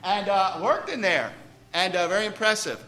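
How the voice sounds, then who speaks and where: A man's voice: sits high, animated, moderate pace, bright, forceful tone. A man preaching a sermon to a congregation in church, conversational, asking questions and joking about himself. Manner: self-deprecating humor.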